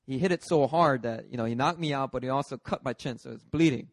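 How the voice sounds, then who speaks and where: A man, a pastor, preaching a sermon through a lively personal story, acting out the scenes. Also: medium pitch, fast, creaky, no room sound. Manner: lively, acts out scenes with shifting voices.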